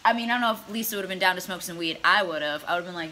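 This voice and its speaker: A woman's voice: fairly low pitch, fast, few pauses, bright, forceful tone, slight background noise. A young woman telling a comedic storytime vlog, brash and profane, laughing as she goes. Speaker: comedy vlogger.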